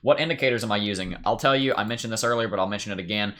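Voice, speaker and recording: A man's voice: fairly low pitch, racing, a bit bright. A young man with a light Tennessee accent, hosting a casual crypto livestream, upbeat and chatty as he reads viewer comments and talks through charts. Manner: upbeat, chatty, thinks aloud while reading charts.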